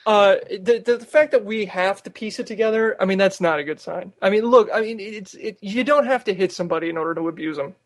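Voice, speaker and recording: High-voiced guy, hosting, tossing out one-liners, dry mic. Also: fast, few pauses, no room sound. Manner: wisecracking, interrupts with one-liners. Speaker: podcast host. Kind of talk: casual chat.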